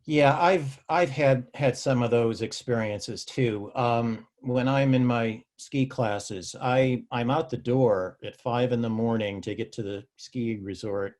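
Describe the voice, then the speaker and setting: A man hosts a casual interview over a video call and asks follow-up questions in a measured way. His voice sits at an ordinary middle pitch. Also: a little mellow. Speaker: host.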